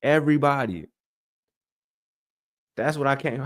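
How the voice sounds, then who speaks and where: A young man hosting a casual sports livestream, talking straight to his chat in an animated, exasperated way. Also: on the low side, a little slow. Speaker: sports podcast host.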